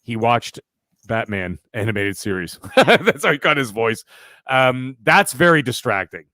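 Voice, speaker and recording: A man co-hosting a casual gaming podcast, animated and profane, often checking in with "right?". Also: medium pitch, unhurried, no room sound. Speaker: podcast co-host. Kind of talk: casual chat.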